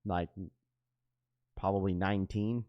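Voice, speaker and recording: A man's voice: sits low, steady tone, unhurried, clean tone, dull audio. A man hosting a sneaker livestream, talking casually to chat in heavy slang. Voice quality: slangy, says "bro" often.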